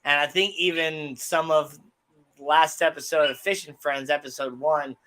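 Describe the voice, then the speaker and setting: A young man co-hosts a livestream, spinning rambling stories in a relaxed, casual way full of fillers. His voice is fairly high and his pace moderate, with a slight hiss or hum on the recording.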